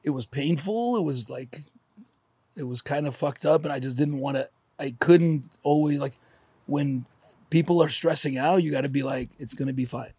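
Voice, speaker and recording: A man's voice: on the high side, moderate pace, a little mellow, breathy edge, no echo. A man in his forties, crying and swearing as he speaks openly on a podcast. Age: 40s. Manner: profane, emotional, laughs through tears. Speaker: podcast co-host. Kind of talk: emotional podcast conversation.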